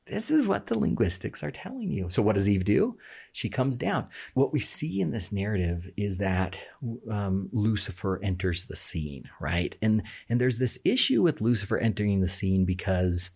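A man's voice: fairly low pitch, very animated, normal speed, gravelly, darkish tone, breathy edge. A man explaining a text in a conversation, passionate and emphatic, often restarting his sentences. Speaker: guest explaining scripture. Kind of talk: animated podcast conversation.

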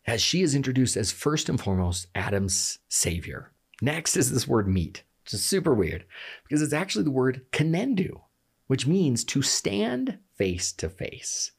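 Gravelly man, lively swooping pitch, emphatic, casual and chatty. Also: normal speed. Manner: passionate, emphatic, fond of rhetorical "right?". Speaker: guest explaining scripture. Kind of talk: casual conversational explanation.

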